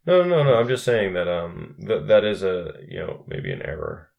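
A man's voice: sits low, huge pitch swings, normal speed, creaky, highs cut off. A young man co-hosting a casual film chat, rambling with restarts and cursing freely. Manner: rambling, profane, with frequent restarts. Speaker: podcast co-host.

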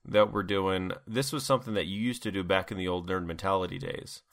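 A man's voice: low voice, steady tone, a little fast, no echo. A man co-hosting a casual movie podcast, joking and laughing often. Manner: jokey, laughs often, does goofy voices. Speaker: podcast co-host.

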